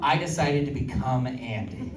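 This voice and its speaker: A man's voice: medium pitch, lively intonation, normal speed, crowd noise. Man doing stand-up, roomy and distant. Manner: chatty storytelling with filler words. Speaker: stand-up comedian and pastor. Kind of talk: stand-up comedy set. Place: comedy venue with live audience. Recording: roomy live audience recording from afar.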